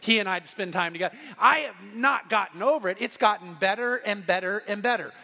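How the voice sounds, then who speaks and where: Bright-voiced older pastor, hall echo. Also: male voice, high-pitched, fairly quick, creaky. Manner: passionate, emphatic, repeats phrases for emphasis. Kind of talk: sermon. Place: church sanctuary. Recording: long hall reverb.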